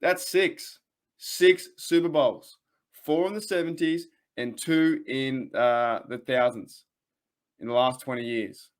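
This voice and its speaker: A man's voice: mid-range voice, slow. An Australian man hosting a solo fan podcast from his room, rambling and trash-talking a rival team with heated energy. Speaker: podcast host.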